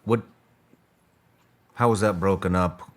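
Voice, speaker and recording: Very deep-voiced male podcast host. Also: steady tone, slow. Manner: brief affirmations, restarts his questions. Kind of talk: interview questions.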